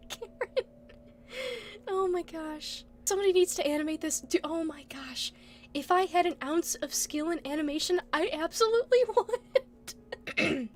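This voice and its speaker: A woman's voice: high voice, unhurried, a little hiss or hum. A young woman streaming, chatting casually, giggling often and hiccuping now and then. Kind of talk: casual chat.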